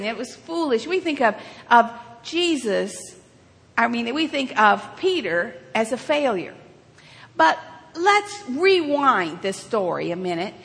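A woman with a high, bright voice tells a story at an unhurried pace, acting out each moment with dramatic rises and asking her listeners questions as she goes. Her voice rings through a large hall with long reverb. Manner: animated, dramatic retelling with rhetorical questions. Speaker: children's sermon leader.

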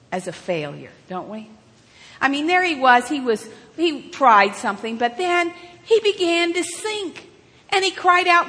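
A woman with a high, bright voice tells a story at an unhurried pace, acting out each moment with dramatic rises and asking her listeners questions as she goes. Her voice rings through a large hall with long reverb. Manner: animated, dramatic retelling with rhetorical questions. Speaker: children's sermon leader.

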